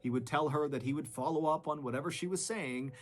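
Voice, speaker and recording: A man narrating a true crime story with dramatic shifts in pitch and loudness. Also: fast.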